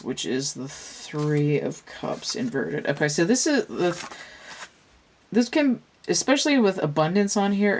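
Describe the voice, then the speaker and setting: Low-voiced woman musing over tarot. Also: slight background noise. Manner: thinks aloud, meandering with restarts. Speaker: tarot reader. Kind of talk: casual tarot reading talk.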